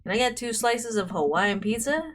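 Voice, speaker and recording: A woman's voice: fairly high pitch, moderate pace. A young woman streamer reading a dating game aloud, playful and giggly, breaking into commentary. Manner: giggly, playful, frequent laughter. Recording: faint game music behind.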